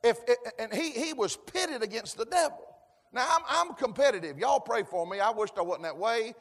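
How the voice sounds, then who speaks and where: Preacher guy, high voice, folksy, hollers now and then, big echoey church. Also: expressive, normal speed. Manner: folksy, call-and-response, rising to shouts. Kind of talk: sermon. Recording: long hall reverb.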